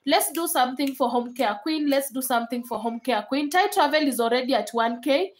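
A young Kenyan woman livestreams, chatting casually with her viewers, laughing a lot and switching between English and Swahili. Her voice sits high and moves a little fast, and the recording is rough.

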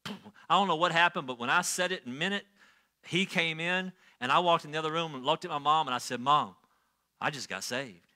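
A middle-aged man preaching a sermon as a pastor, telling stories and swinging from quiet asides to loud, excited bursts. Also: on the high side, fairly quick.

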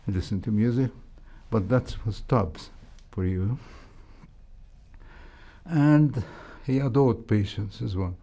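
An older man with an Egyptian accent tells stories from his years in surgery, unhurried and thoughtful. His voice is low and mellow, and he pauses often with soft hesitations. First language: Arabic. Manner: slow, measured, with frequent hesitations. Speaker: interview guest, heart surgeon. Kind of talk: reflective interview storytelling.

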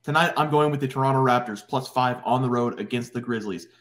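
Brisk upbeat male betting-show host. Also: medium pitch, fairly bright tone. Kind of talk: sports betting picks chat.

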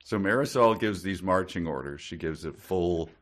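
A man with a very deep voice co-hosts a podcast, chatting casually about a book. He sounds dry and incredulous, and pokes fun at the writing. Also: moderate pace, a bit bright. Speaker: podcast co-host. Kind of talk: casual comedic book discussion.

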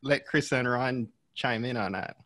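A man's voice: medium pitch, a little slow, a bit bright, a little hiss or hum. Man with a blended Jamaican accent moderating. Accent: Jamaican, blended after years abroad. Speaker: panel moderator. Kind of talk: moderating a panel discussion.

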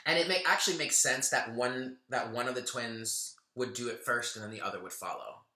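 A man's voice: medium pitch, a little fast, pushed and bright, echoey room. A man giving a casual tarot reading, chatty and earnest, thinking aloud as he goes. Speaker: tarot reader.

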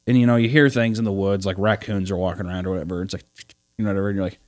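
A young man on a podcast, telling a long story in a rambling, animated way, full of fillers and laughing as he acts out the other people in it. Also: low voice, rapid-fire, no room sound, studio quality. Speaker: podcast co-host. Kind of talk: casual storytelling chat.

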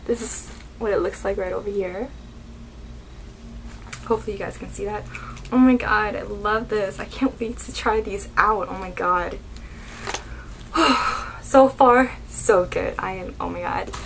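Young woman unboxing makeup, slow and gushy, faint hiss behind. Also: medium pitch, low-quality recording. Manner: gushing, excitable, keeps saying oh my god. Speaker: beauty vlogger. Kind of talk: unboxing vlog.

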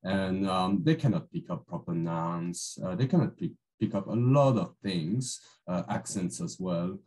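A man's voice: deep voice, unhurried, darkish tone, rough recording. A man speaking as a webinar panelist on a video call, hesitant and full of fillers.

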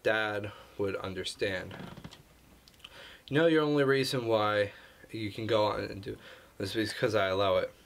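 A man reading out a stern, controlling mother's text messages in his own voice, with a lowish pitch. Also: a bit bright, a little hiss or hum. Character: stern controlling mother texting her daughter.

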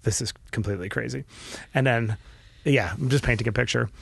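A middle-aged man, a podcast guest, telling a candid personal story earnestly and with feeling, often restarting his sentences and dropping his voice quietly. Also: medium pitch, a little fast, vocal fry, slightly rough, no room sound. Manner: earnest and emotional, with frequent restarts and quiet dips.

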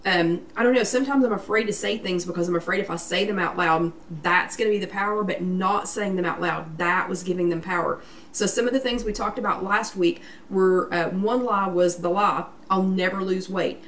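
A woman's voice: medium pitch, a little fast, fairly bright tone. A woman hosting a live online weight loss workshop, chatty and encouraging, greeting viewers by name. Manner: chatty, encouraging, reads viewer names and comments aloud. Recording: echoey room, voice somewhat far from mic, faint background noise.

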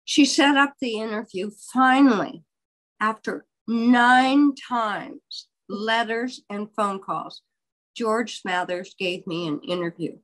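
An older woman, a biographer, telling a long story in an interview in a candid, wry and animated way. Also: fairly high pitch, slow pace, low-quality recording.

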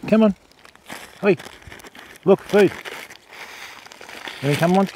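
A man's voice: high voice, takes it slowly, pauses often, a little mellow, slight background noise. A man hosting a casual outdoor livestream at a wildlife park, coaxing the animals in a sing-song voice.

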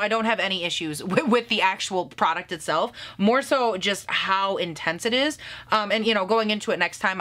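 A woman's voice: medium pitch, a bit bright. Bubbly profane woman doing makeup review. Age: 30s. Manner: bubbly, profane, laughs often, talks to herself. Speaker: beauty vlogger.

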